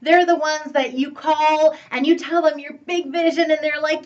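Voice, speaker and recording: High-voiced lady coach, super upbeat, a bit far off the mic and dull sounding. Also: moderate pace. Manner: upbeat and animated, laughing, acts out quoted friends. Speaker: relationship coach. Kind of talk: teaching talk to camera.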